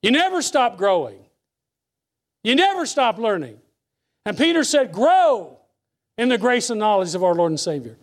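Very animated, a preacher delivers his sermon in a fairly high voice, rising to emphatic declarations before dropping into near-whispered asides. Scripture he reads in a slow, deliberate way.

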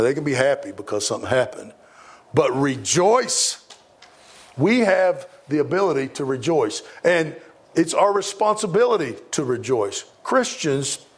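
A man's voice: medium pitch, darkish tone, breathy edge. A middle-aged man preaching a sermon, emphatic and given to repeating words for stress.

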